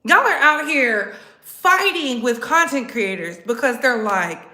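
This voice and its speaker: A woman's voice: a little high, expressive, measured pace, sharp tone, reverberant. A woman vlogger giving mocking, sarcastic political commentary, repeating lines for emphasis and laughing between them.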